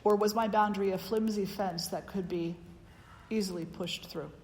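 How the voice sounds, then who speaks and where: A woman's voice: mid-range voice, fairly even intonation, normal speed, a little mellow. A woman giving a spiritual teaching talk, earnest and emphatic, often repeating her key phrases. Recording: long reverb hall with faint background noise.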